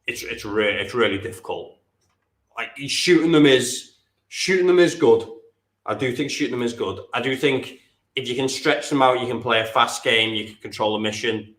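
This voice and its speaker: This is an English man chatting his way through a tabletop game in a rambling, self-correcting style. He laughs easily and keeps doubling back on what he says. His voice is mid-pitched, and it rings around a hard, echoey room. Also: fairly bright tone. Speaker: tabletop wargame player. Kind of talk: casual chat during a game.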